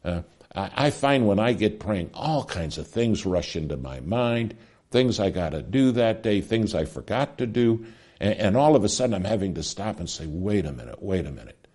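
A middle-aged man preaching a sermon, with dramatic delivery that drops to a hush for emphasis. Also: lowish voice, animated, moderate pace.

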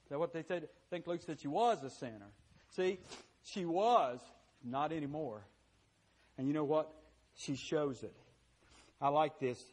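A pastor with a fairly high voice preaches a sermon to his congregation in a plain, folksy way, unhurried and with long pauses. Impassioned, he swings from loud bursts to hushed, confessional tones. His words stumble, repeat, and restart as he presses each point.

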